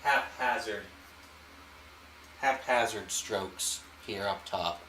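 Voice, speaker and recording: A man hosting an art channel, walking through a painting demonstration in a relaxed way and thinking aloud as he works. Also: on the low side, takes it slowly, echoey room, slight background noise, rough recording. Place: home art studio.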